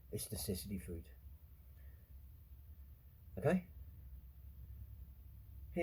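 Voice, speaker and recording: A man's voice: on the low side, warm tone, slight background noise, poor audio. A middle-aged Australian man, host of his own show, swearing constantly through a ranting, blunt monologue. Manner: swears constantly, rants, quick to anger. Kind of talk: profane monologue.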